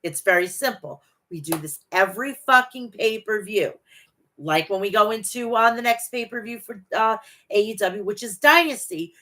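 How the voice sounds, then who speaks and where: A woman's voice: medium pitch, bright, forceful tone. A woman in her forties hosting a casual wrestling show, profane, gushing and rambling as she talks to her chat. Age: 40s. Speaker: wrestling podcast host. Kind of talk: casual chat reading live chat.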